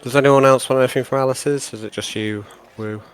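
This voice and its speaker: A man's voice: mid-range voice, fairly even intonation, brisk, clear, resonant tone. A man playing a tabletop game, helpful and organised, explaining things to others. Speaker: player.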